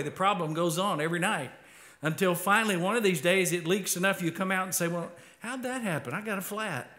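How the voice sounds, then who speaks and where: A man with an Arkansas twang preaches a sermon in a plain, chatty way. His voice sits somewhat high for a man, and it climbs louder and higher when he drives a point home. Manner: conversational, repeats words when starting phrases; rises in pitch and volume for emphasis. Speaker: pastor.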